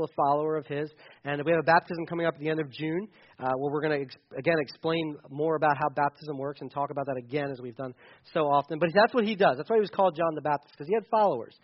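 A man's voice: high-pitched, lo-fi sound. A man preaching a casual, conversational sermon, mixing the reading with asides and jokes. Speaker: pastor.

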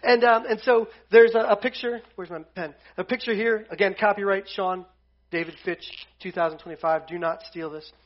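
A man's voice: sits high, fairly even intonation, moderate pace. A man teaching a casual Bible lesson to a group. He jokes as he goes and retells scripture in slang. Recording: dull lo-fi sound.

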